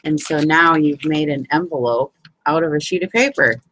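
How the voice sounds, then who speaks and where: A woman with a low, slightly bright voice speaks at a moderate pace, hosting a casual live crafting hangout where she demonstrates paper folds and greets viewers. She's chatty, often filling gaps with "you know what I mean." The audio is poor, with slight background noise.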